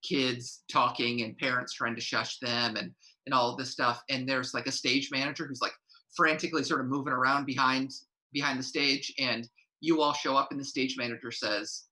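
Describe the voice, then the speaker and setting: Rambling game master, bright voice. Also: medium pitch, steady tone, normal speed, poor audio. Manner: rambling with many fillers. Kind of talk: narrating a tabletop game.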